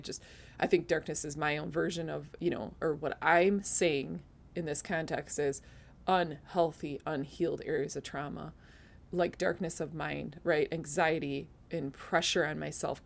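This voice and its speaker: A woman's voice: deep voice, creaky. A woman hosting a podcast, earnestly sharing a faith testimony, teary-eyed and laughing at herself at times. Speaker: podcast host.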